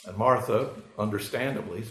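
A man preaching a sermon, explaining scripture in an unhurried way with frequent fillers. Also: lowish voice, a bit bright, a little hiss or hum. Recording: echoey room.

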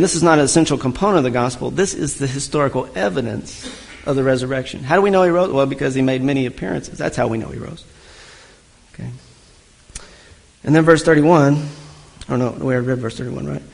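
A man's voice: on the high side, gravelly, rough recording. A male preacher teaching through a scripture passage, reading verses aloud and then asking his listeners questions he answers himself. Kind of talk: expository sermon teaching.

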